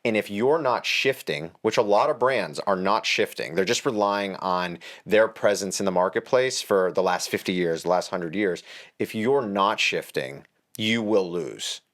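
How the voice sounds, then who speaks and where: A man's voice: on the low side, unhurried, a bit bright. A man who works as a real estate agent, speaking confidently and upbeat as a guest in a podcast interview.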